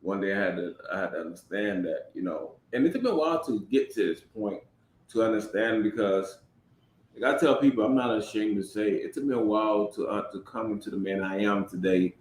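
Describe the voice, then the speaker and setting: A man's voice: on the low side, fairly quick, a little hiss or hum. A man co-hosting a casual podcast, speaking in an earnest, reflective way and often stopping partway through his thoughts. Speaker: podcast co-host. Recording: roomy echo.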